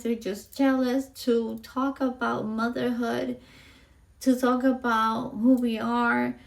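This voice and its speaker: A woman hosting her own podcast, telling a personal story slowly and with feeling. Her voice sits a little high and has a gravelly, fried edge. She rambles, fills pauses with "um" and "like," and sounds close to tears at times. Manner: heartfelt, rambling, frequent fillers. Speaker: podcast host.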